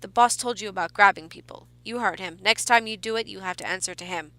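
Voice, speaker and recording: Bossy carnival barker guy, read by a woman, brisk and scolding, bright clear voice. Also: medium pitch, natural voice, low-quality recording. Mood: stern.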